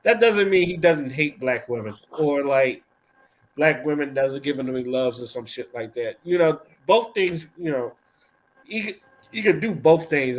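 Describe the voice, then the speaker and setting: A man's voice: a little high, rough recording. Blunt, rambling podcast host man. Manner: blunt, profane, rambling opinions with restarts. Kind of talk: casual podcast chat.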